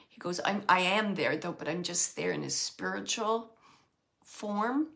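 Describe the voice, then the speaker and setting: A woman giving a live mediumship reading, relaying messages in a halting, emotional way and often searching for words. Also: mid-range voice, gravelly, bright, forceful tone. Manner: emotional, close to tears at times.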